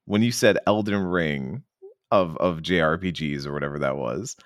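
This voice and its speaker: Deep-voiced enthusiastic man. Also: normal speed, no echo, clean studio sound. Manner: enthusiastic, animated, often mimics characters. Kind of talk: casual game discussion podcast.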